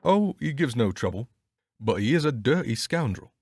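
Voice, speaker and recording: A man reading an audiobook, voicing a blunt, hearty police inspector with a gruff, exclaiming manner. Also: medium pitch, big pitch swings, normal speed, darkish tone, dry recording, studio quality. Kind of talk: audiobook character voice.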